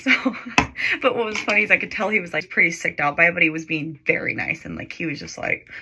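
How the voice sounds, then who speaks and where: A woman's voice: on the low side, expressive, fast talker, very noisy. A woman in her twenties casually telling a personal story, chatty with lots of "like" fillers.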